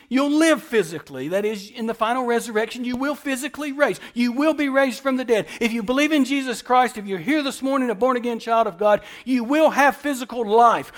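A man with a high voice preaches from a church pulpit. He drives his points home with repeated phrases and lets his volume swell and fall as he goes. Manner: preaching with emphatic repetition, swinging between soft and loud. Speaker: pastor. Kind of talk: sermon.

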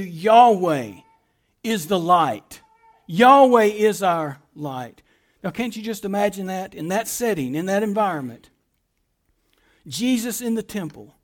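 A man preaching a sermon, emphatic, leaning hard on key words and then dropping to quiet, drawn-out phrases, and speaking straight to his listeners. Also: sits high. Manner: emphatic, swings between loud stresses and quiet drawn-out phrases; addresses listeners directly and by name.

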